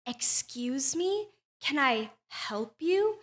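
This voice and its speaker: A woman's voice: sits high, big pitch swings, very slow, pitched above the performer's own voice, heavily acted. A young woman quoting an indignant older woman who confronts her at the door. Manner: indignant, accusing.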